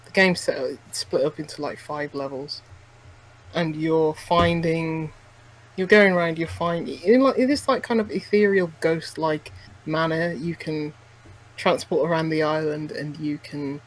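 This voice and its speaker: A man's voice: a little high, steady tone, unhurried, low-quality recording. A man co-hosting a podcast, chatting casually about a game he played, rambling and full of fillers and restarts. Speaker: podcast co-host. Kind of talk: casual chat reviewing a game.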